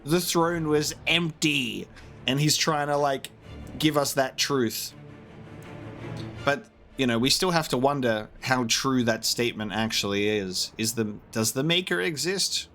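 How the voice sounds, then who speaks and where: Excitable young man commenting on a game. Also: mid-range voice, unhurried, soft background music. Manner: chatty, excitable, laughs often, many fillers. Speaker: gamer streaming a blind playthrough. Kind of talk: casual gameplay commentary.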